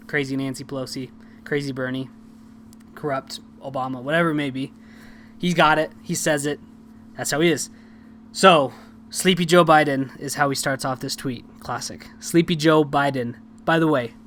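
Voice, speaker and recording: A man's voice: medium pitch, a little hiss or hum. A young man hosting a podcast, talking through political news in a casual, chatty, self-deprecating way with lots of fillers. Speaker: podcast host.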